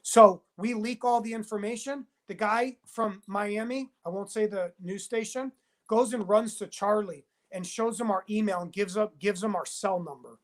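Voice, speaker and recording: A man speaking in a heated interview as a whistleblowing TV producer, emphatic and insistent, talking in rapid bursts and repeating himself. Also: high voice. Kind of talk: heated interview, phone-style conversation.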